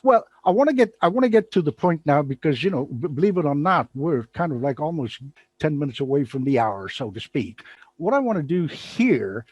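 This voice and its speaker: Playful male host, husky and lively, rambling and giggly. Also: on the high side, brisk, no room sound, muffled recording. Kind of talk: casual live show chat.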